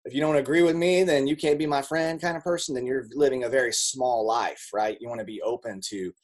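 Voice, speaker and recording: Speaking briskly, a man gives a casual motivational talk on network marketing to a group. He's conversational, full of fillers and repeats, and acts out the people he quotes with sudden jumps in pitch.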